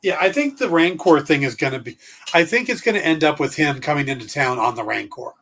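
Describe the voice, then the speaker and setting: A man's voice: a little high, animated, fairly quick, a bit bright, far from the mic. A man co-hosting a podcast, chatting casually and opinionated, rambling with fillers. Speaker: podcast co-host. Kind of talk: casual chat.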